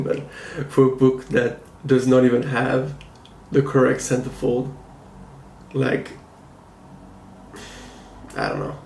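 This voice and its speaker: A man hosting a casual review vlog, talking to camera in a measured, thoughtful and critical way. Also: medium pitch, flat delivery, vocal fry, a little mellow, a little hiss or hum. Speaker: comic book collector and channel host. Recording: roomy echo, faint ambience.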